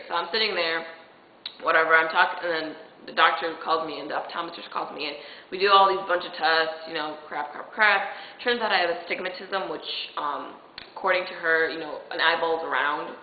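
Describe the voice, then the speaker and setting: A girl of seventeen rambling through a personal story, retelling each exchange with "I'm like" and the odd swear word. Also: low-pitched. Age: late teens. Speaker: vlogger. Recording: tinny echoey room recording, faint hiss.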